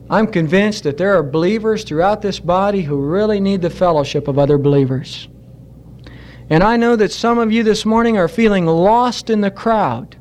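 A male pastor preaching a sermon to his congregation in an earnest, exhorting way, slowing down for emphasis. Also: high voice. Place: church.

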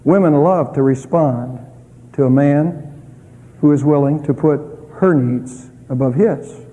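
A middle-aged man preaching a sermon as a pastor, earnest, swinging between loud and soft. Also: a little high, unhurried. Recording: echoey hall with long reverb.

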